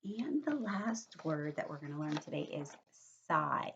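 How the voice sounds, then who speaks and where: Animated woman teaching young children. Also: low voice, vocal fry, muffled recording, slight background noise. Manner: animated, explains slowly with questioning tags. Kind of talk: read-aloud lesson for young children.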